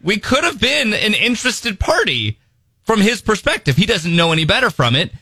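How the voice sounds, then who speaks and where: A man's voice: high-pitched, sing-song, normal speed, sharp tone, slightly rough, no echo. A man co-hosting a morning radio show, teasing and wry in casual banter, tripping over restarts. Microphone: studio microphone.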